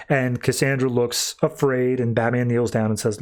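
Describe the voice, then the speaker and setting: A man hosting a podcast, casually recapping a comic book with animated storytelling. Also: medium pitch, moderate pace, hardly any pauses. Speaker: podcast host.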